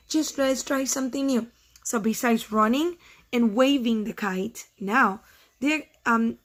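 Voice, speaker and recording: Slow-reading first grade teacher. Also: female voice, a little high, gravelly, fairly bright tone. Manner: slow, explanatory, asks the children questions. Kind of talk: reading a storybook lesson to children.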